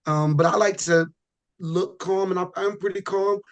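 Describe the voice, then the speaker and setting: Relaxed, rambling man, fairly high voice. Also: moderate pace. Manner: relaxed, rambling with frequent restarts and "you know". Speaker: podcast guest, pro bodybuilder. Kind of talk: casual podcast chat.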